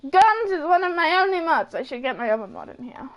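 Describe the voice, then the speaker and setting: Hyper high-voiced woman streamer. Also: sing-song, brisk. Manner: hyper, squealing, wailing in mock distress. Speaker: game streamer. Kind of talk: hyper casual live-stream chat.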